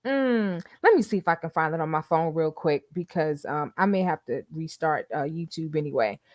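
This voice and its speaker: A woman's voice: low-pitched, expressive, moderate pace, a little mellow, dry recording, clean studio sound. An older woman hosting a casual livestream, chatting and gossiping with frequent laughs. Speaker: YouTube host.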